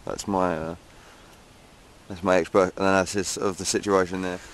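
Deep and moderately paced, with little pitch movement, this English man's voice carries a chatty, jokey walking vlog through dunes and woods. He mocks himself as he goes, and the outdoor camera picks up lots of noise.

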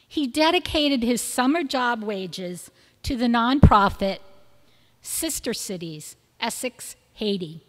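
Woman reading tributes in a reverberant hall. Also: a little high. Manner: measured, list-like delivery of praise. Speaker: school speaker presenting seniors. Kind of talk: reading prepared tributes at a ceremony. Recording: long reverb of a large hall.

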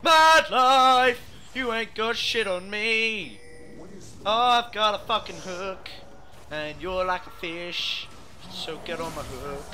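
A man giving profane, excitable commentary over his own gameplay as host of a gaming video, talking into a gaming headset. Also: high-pitched, takes it slowly, a little hiss or hum. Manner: profane, excitable, yelling in bursts.

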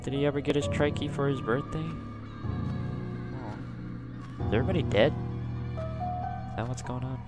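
Jittery young man over loud game music. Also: mid-range voice, moderate pace, long pauses. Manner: nervous chatter that breaks into loud panicked yelps. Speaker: gaming YouTuber. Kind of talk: let's play commentary.

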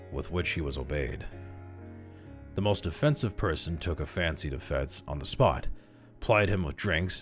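A man reads a classic horror story in a measured, steady narration. His voice sits extremely low. Soft music plays faintly underneath. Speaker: audiobook reader.

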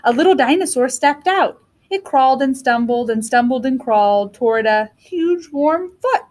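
Animated high-voiced woman reading aloud. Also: moderate pace. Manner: animated, expressive. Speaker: kindergarten teacher. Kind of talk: storybook read-aloud.

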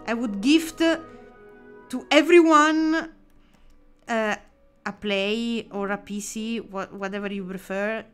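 A woman with an Italian accent chatting casually on a live drawing stream, excitable, with many fillers and restarts. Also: on the high side, slow pace, pauses often, smooth, soft background music.

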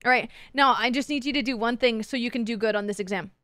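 A woman's voice: fairly high pitch, fast, fairly bright tone, no room sound. A woman streamer chatting casually with her live chat, playful and teasing, swearing freely. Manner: playful, crude, swears a lot, teases chat.

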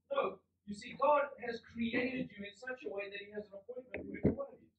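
A high-voiced pastor preaches with lively, joking storytelling. He is heard from far off in an echoing church hall, and the sound is dull and muffled. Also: a little fast, few pauses. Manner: humorous, animated storytelling. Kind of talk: sermon.

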